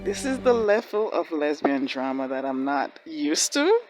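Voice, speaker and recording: A woman hosting a reaction video, giving casual commentary in an excitable way, laughing often and talking back at the screen. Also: deep voice, unhurried, soft background music, low-quality recording.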